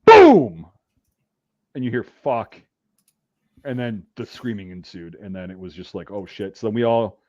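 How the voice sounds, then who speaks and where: A man telling profane army stories in casual chat, acting out the yelling. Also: fairly low pitch, fast, dull audio. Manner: profane, animated storytelling, acts out yelling. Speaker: podcast host, veteran telling army stories.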